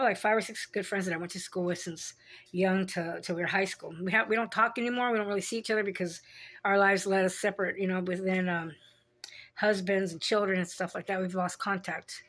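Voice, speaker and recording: A woman's voice: medium pitch, fairly even intonation, brisk, fairly bright tone. A middle-aged woman vlogger telling personal stories in a frank, rambling way. She swears freely and laughs at herself. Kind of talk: candid personal storytelling.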